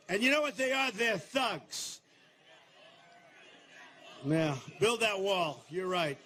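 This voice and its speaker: An older man giving a campaign rally speech in a large venue, boastful and repetitive, turning to the crowd with asides and shouted slogans. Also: sits high, slow, long pauses, slight background noise. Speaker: political candidate.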